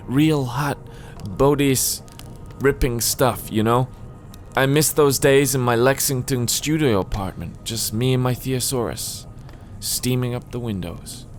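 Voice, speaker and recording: A man's voice: medium pitch, voice pushed up, lightly acted. A man voicing a wistful middle-aged woman, a former romance novelist, reading game dialogue in a dreamy, nostalgic way. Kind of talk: let's play dialogue reading.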